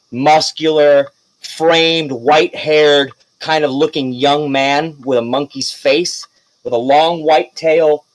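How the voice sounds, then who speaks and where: Chatty game master, slightly high voice. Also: male voice, no room sound, rough recording. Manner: relaxed, rambling narration with fillers and quick bursts. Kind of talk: narrating a tabletop game.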